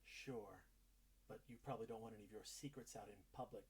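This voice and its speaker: A man voicing a sly male impostor in a tabletop game, smooth and falsely friendly with a knowing edge. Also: on the low side, steady tone, a little fast, natural voice.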